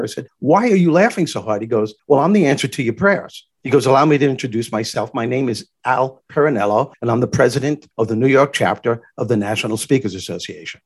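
A man, a former stand-up comic, telling stories lively in an interview and acting out the people he quotes. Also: mid-range voice, quick pace, hardly any pauses, breathy edge. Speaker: guest, comedian turned motivational speaker. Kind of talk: animated storytelling interview.

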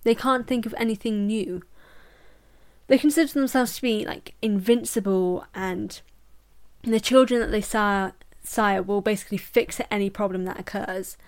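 A woman's voice: mid-range voice, moderate pace. A young woman hosting a casual book review podcast, chatty and jokey, often breaking into laughter. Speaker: podcast host.

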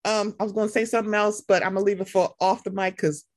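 A woman hosting a podcast in casual chat, animated and profane, acting out quotes in voices. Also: medium pitch, fast talker. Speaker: podcast host.

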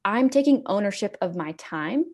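A woman's voice: medium pitch, expressive, moderate pace, a little mellow. Earnest woman hosting a faith podcast. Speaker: podcast host. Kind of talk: casual chat and scripture reading.

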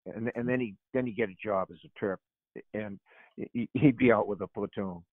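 An older man and author, a guest telling animated stories and chuckling, often repeating his words. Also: on the low side, normal speed, no room sound. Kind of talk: conversational storytelling on a radio show. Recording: tinny phone line.

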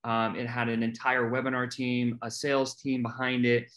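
A man of middle pitch speaks as a podcast guest, recounting his story in a candid, earnest way. He often stumbles, restarts and repeats his words as he talks. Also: level tone, normal speed, fairly bright tone.

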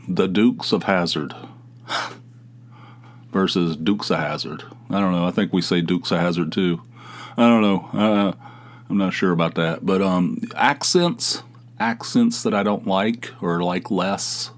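Low-pitched guy from west virginia, rambling podcast host, lots of restarts. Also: unhurried. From southern West Virginia, US. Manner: rambling, with frequent restarts and sighs. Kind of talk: casual solo podcast talk.

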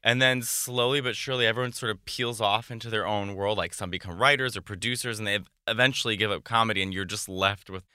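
Bright-voiced man chatting eagerly. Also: fairly low pitch, fast talker, few pauses, clean tone, no room sound, clean studio sound. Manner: eager, rambling, repeats himself when excited. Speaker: stand-up comedian. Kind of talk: casual podcast chat.

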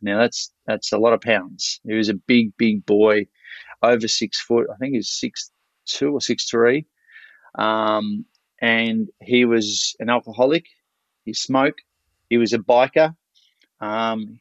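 A man's voice: fairly low pitch, slow, no echo. An Australian man, a seminar speaker, telling stories casually, with energy, frequent swearing and many restarts. The audio is dull and lo-fi. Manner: energetic, profane, full of restarts. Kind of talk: casual storytelling.

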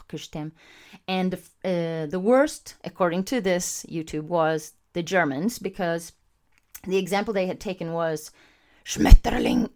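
This chatty woman hosts a casual podcast from a home setup that's also streaming live, and her voice sits on the low side. Lively and talkative, she calls out viewers who are watching in real time.

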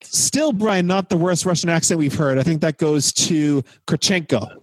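A man's voice: a little high, moderate pace, no room sound. A man hosting a casual movie podcast, recapping scenes with playful jokes. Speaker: podcast host.

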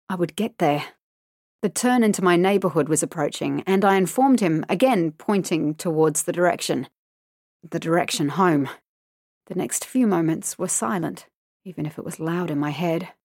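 A woman narrating a true horror story in a tense, hushed manner on a close mic. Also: on the low side, dry recording.

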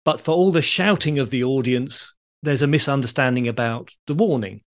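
A man's voice: medium pitch, normal speed. Man, dry explaining host. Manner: dry storyteller delivering groan-worthy jokes. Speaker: podcast host. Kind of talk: conversational explaining.

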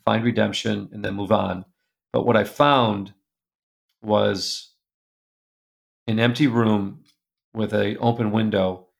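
Gravelly man telling an earnest story. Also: lowish voice. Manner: earnest, confessional, drops quiet and soft in painful moments. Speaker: guest speaker. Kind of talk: personal storytelling in a conversation.

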